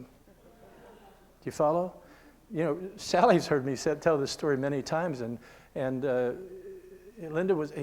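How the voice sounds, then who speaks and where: An older man giving a conversational sermon at a Christian seminar, earnest and often checking in with his listeners, sometimes dropping to a hushed whisper. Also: on the high side. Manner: drops to a hushed whisper when telling stories.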